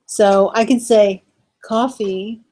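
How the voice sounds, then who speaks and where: Chatty woman with a high voice. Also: a little slow, a little mellow. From New York. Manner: chatty, laughing, trailing off mid-sentence. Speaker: co-host. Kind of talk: casual chat.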